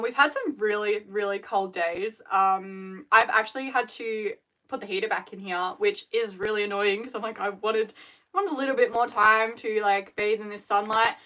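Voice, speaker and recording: Aussie woman rambling on a live stream, bright higher voice, kinda dull lo-fi sound. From Australia. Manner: chatty and animated, filler-heavy storytelling. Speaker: scrunchie maker hosting a live stream. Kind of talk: casual live-stream chat.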